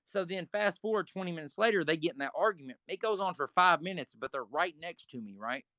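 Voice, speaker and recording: Middle-aged male interview guest, casual and profane, lively storytelling, a touch high-pitched, dry recording. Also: a little fast, no echo. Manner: profane, animated, acts out quoted arguments.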